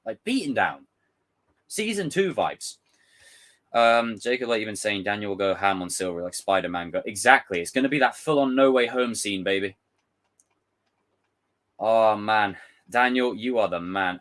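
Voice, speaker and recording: Young male commentator, gushing and emotional, lively animated delivery, swears freely. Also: mid-range voice. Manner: passionate, excitable, swears freely. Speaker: pop culture commentator. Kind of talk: emotional trailer breakdown with viewers.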